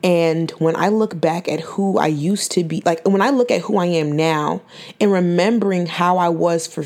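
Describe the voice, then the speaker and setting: 21-year-old woman, podcast host, lowish voice with lots of fry, earnest and near tears, stumbles and repeats herself. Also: a little mellow. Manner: earnest, faith-filled, repeats and restarts phrases. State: holding back tears. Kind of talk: emotional personal testimony.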